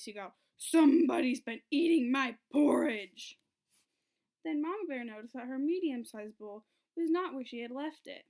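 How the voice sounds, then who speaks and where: A woman teacher reading a storybook aloud to children, in an expressive storytelling way. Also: fairly high pitch. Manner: expressive, sing-song storytelling.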